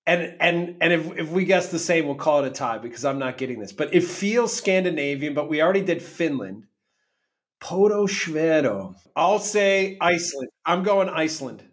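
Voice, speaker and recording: Joking male podcast co-host, slightly high. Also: animated, brisk, few pauses, a bit bright. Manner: joking, self-mocking banter. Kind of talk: casual soccer podcast chat.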